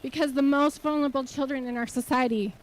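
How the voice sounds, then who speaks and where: A woman with a high-pitched voice delivers a motivational keynote into a stage microphone. She talks earnestly and keeps firing rhetorical questions at the audience. Her tone is that of a nonprofit leader urging listeners to commit. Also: fairly even intonation, quick pace, poor audio. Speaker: keynote speaker and nonprofit CEO. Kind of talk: motivational conference talk. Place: conference hall stage.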